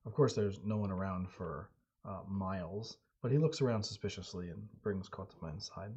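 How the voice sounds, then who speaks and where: A man running and narrating a solo tabletop game on stream, telling the story in a relaxed, halting way. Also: sits low, slightly rough. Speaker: game master and solo player. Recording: dull lo-fi audio.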